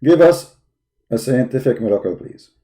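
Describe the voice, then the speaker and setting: A man with a medium-pitched, warm voice speaks at a moderate pace with lively intonation, though he sounds tired. He hosts a live call-in debate stream, mocking and insulting opponents through emphatic repetition while searching a website.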